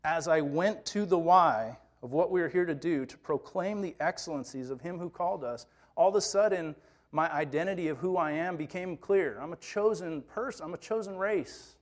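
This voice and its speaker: A man's voice: on the high side, normal speed. Man telling a personal sermon story. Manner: personal, conversational, self-quoting. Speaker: youth minister preaching.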